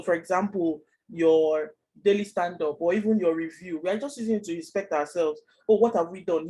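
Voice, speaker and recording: A man teaching a Scrum class online, explaining fast and chatty with many fillers. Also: sits high, a little mellow, breathy edge, rough recording. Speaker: Scrum trainer.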